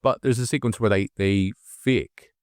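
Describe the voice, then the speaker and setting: A Northern Irish man co-hosting a movie review podcast, rambling casually with restarts and animated asides. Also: fairly low pitch, a little slow, clean tone, dry recording, studio quality. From Northern Ireland. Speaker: podcast co-host.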